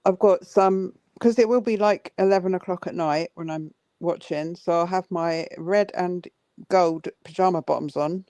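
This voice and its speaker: A woman calling in from bed at home, chatting quickly and giggling between lines. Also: on the low side, warm tone, dry recording. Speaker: caller. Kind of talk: casual chat on a call.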